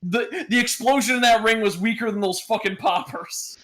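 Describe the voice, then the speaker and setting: A man with a slightly high voice, co-hosting a podcast. He tells rambling anecdotes in an easy, casual way and swears now and then. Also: normal speed, a bit bright. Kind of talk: casual chat.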